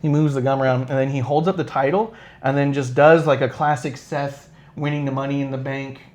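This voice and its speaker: A man's voice: medium pitch, fairly even intonation, brisk, darkish tone. A man hosting a live podcast in casual chat, rambling through an anecdote with lots of swearing and acting out the quoted lines. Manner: acts out quoted dialogue with shifting voices. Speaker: podcast host.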